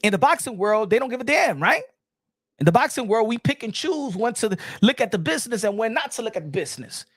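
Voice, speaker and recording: A man giving casual boxing commentary, animated, repeating himself and firing off rhetorical questions. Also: high voice, fast, no echo. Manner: animated and repetitive, many restarts and rhetorical questions.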